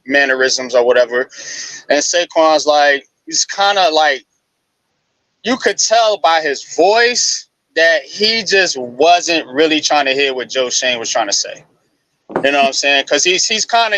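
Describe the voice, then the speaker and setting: A man on a live sports talk show, explaining football news in a loose, animated way. His voice sits a little high and sounds bright and clear. The sound is dry and close, with no room echo. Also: moderate pace. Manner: casual, animated retelling with frequent restarts.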